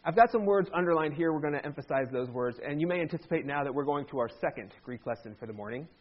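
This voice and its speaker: A man's voice: on the high side, lively intonation, fast, muffled recording. A man preaching a sermon as pastor in a church, conversational with joking asides.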